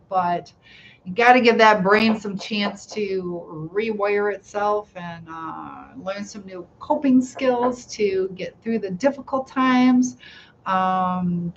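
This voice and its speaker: Middle-aged woman hosting a casual live stream; soft, reassuring and inquisitive; slightly muffled lo-fi recording. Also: medium pitch. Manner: gentle, reassuring, asks many questions. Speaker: live chat host. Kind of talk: casual live-stream chat reading comments. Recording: slightly dull lo-fi sound, faint room noise.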